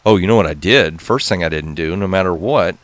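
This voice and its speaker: A man hosting a gaming channel, giving excitable, casual commentary to viewers as he plays. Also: low voice, brisk, no echo. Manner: excitable, talks to viewers while playing.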